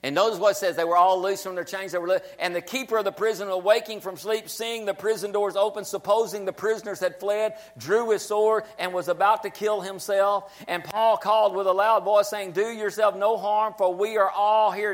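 A pastor preaching a sermon to a small church congregation, emphatic and repetitive, building up to shouted lines. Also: male voice, high-pitched, steady tone, fairly quick, few pauses. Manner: emphatic preaching, repeating phrases, rising to shouts.

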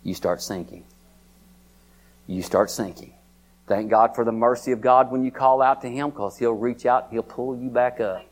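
A man preaching a sermon. His folksy delivery circles back on itself with repeated words and stray fillers. As he preaches he climbs to a high, excited pitch, calling out to his listeners by name. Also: moderate pace.

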